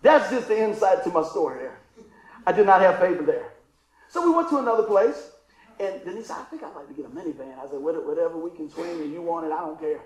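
Folksy preacher man, high voice. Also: lively intonation, fast, darkish tone, roomy sound, rough recording. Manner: folksy, call-and-response, acts out story voices. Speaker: pastor. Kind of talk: sermon with humorous storytelling.

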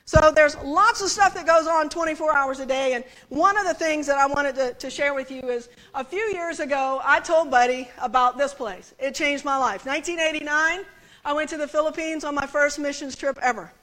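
A woman from the United States preaches to her congregation with a high, bright voice. She tells her story in a chatty, animated way and laughs along with the room. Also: moderate pace. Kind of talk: sermon storytelling.

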